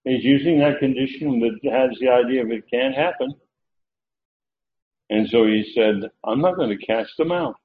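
Male Bible teacher, sermon delivery, deliberate and emphatic; lo-fi tinny audio with faint hiss. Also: medium pitch. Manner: slow, emphatic, repeats key phrases. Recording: tinny phone-like lo-fi recording.

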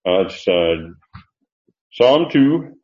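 Older male preacher, halting and low. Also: sing-song, a little mellow. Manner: unhurried, halting, many fillers. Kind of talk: Bible study teaching. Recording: roomy, dull lo-fi sound.

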